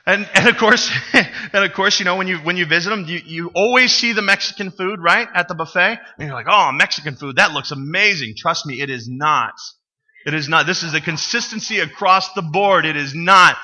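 A man's voice: sits high, a little fast, sharp tone. A man preaching a sermon to his congregation, telling stories with humor and asking the people questions. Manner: conversational storytelling with humor, asks the congregation questions. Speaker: pastor. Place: church sanctuary.

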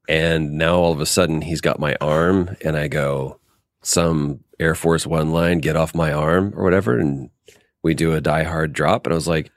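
A man in his forties, a voice actor as interview guest, telling animated anecdotes with frequent restarts in casual conversation. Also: a bass voice, measured pace, no echo.

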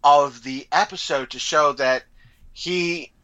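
A man co-hosting a podcast in casual chat, animated and often acting out quoted lines. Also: fairly high pitch, takes it slowly, dull audio. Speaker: podcast co-host.

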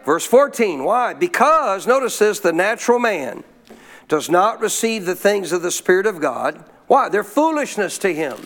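A man's voice: sits high, big pitch swings, moderate pace, a bit bright. A man preaching a sermon as pastor, asking questions and leaving blanks for the congregation to fill, repeating key lines with emphasis. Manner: call-and-response, leaves blanks for the crowd to fill. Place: church service.

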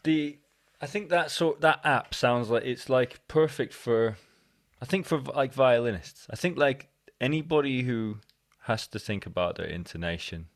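In a clean studio recording with no room sound, a man hosts a casual podcast conversation at normal speed, his medium-pitched voice animated. His sentences ramble and correct themselves, and he often quotes himself.

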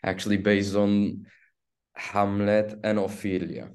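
Low-voiced man with a Turkish accent. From Turkey. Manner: halting, restarts often, animated storytelling. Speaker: actor guest. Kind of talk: casual interview storytelling.

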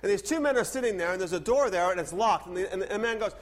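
A man preaching a sermon, telling a personal story in an animated way and acting out the dialogue. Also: sits high, quick pace, big-room sound. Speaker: pastor.

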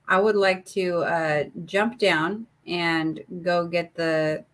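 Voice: mid-range voice, steady tone, takes it slowly, fairly bright tone. Giggly hesitant tabletop player. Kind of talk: casual tabletop play.

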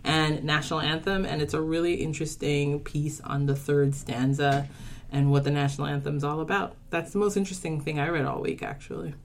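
A woman's voice: sits low, level tone, brisk, a little hiss or hum. A woman talking as a podcast guest in casual chat, often hesitating and restarting.

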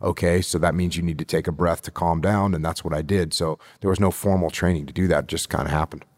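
A middle-aged man answering interview questions as a leadership instructor, deliberate and repeating phrases for emphasis. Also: deep voice, steady tone, darkish tone, no room sound, studio quality.

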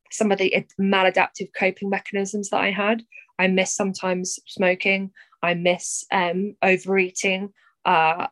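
A young woman, a poet talking candidly as a podcast guest, animated, swearing freely and often pausing on fillers. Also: medium pitch, no echo, rough recording. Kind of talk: candid conversational chat.

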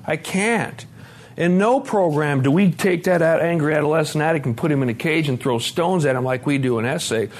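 A man giving a candid personal testimony at a conference, dropping to a hush and then rising loud and laughing. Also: fairly high pitch, brisk. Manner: candid, swings between hushed and loud, laughing. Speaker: speaker sharing his recovery story. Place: conference hall.

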